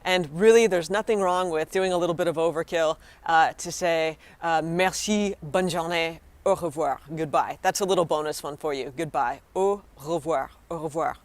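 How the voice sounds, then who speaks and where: A woman's voice: sits low, steady tone, moderate pace, hardly any pauses, dry recording. An American woman, a young adult, chatting casually to viewers as she teaches everyday phrases. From United States. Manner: chatty and encouraging, addresses viewers directly. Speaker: vlogger teaching French phrases. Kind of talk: casual vlog lesson.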